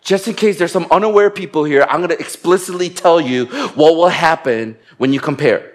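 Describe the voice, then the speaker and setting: A pastor preaching a lively sermon, acting out quotes with humor. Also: male voice, fairly high pitch, a little fast. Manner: animated, acts out quotes with humor.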